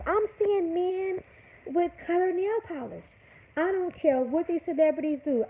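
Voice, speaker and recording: Woman livestreaming, fussing at chat over and over, high voice, sounds like a phone line. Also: a little hiss or hum. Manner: emphatic, repetitive, scolding. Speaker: livestream host. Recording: tinny phone-like audio.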